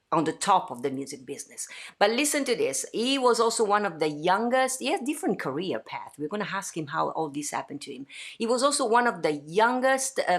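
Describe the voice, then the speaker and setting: Italian lady hosting a home livestream, lowish voice, chatty, lots of uhs and restarts. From Italy. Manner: chatty, lively, with many fillers and restarts. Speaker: host. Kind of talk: livestream chat. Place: her home.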